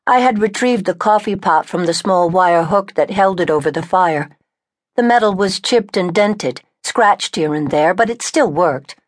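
A woman reading a novel aloud in first person, with measured, even storytelling into a close studio mic. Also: lowish voice, no echo. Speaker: audiobook narrator. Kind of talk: scripted first-person narration.

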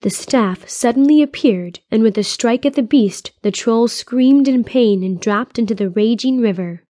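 A woman reading a fantasy audiobook in a steady, even storytelling voice on a close studio mic. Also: on the high side, unhurried, no room sound. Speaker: audiobook narrator. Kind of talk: scripted fantasy narration.

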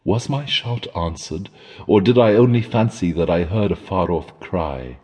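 A man narrating a classic horror story in a measured, dramatic storytelling manner. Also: sits low, animated, mellow, breathy edge, in a large hall. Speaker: audiobook narrator.

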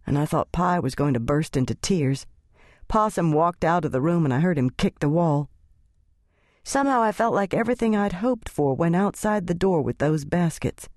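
A woman narrating an audiobook in gentle, measured storytelling. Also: fairly low pitch, dry recording, clean studio sound. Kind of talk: scripted narration.

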